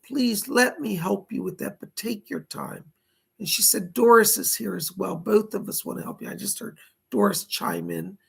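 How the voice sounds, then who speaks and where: A man's voice: high voice, gravelly, fairly bright tone, slightly rough. A man hosting live psychic readings, losing his voice, giving reassuring and repetitive advice. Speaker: psychic medium, host.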